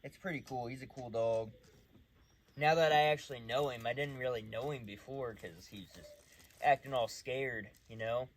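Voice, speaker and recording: A man's voice: medium pitch, moderate pace, slight background noise. A man who trains dogs, talking casually while working a dog outdoors at night, mixing loose explanations with short, firm commands.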